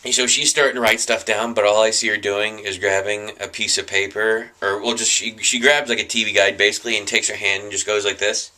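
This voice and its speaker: A man's voice: lowish voice, flat delivery, a little fast, hardly any pauses, sharp tone. A man casually telling a story in a vlog, rambling with many fillers and chuckles. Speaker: vlogger.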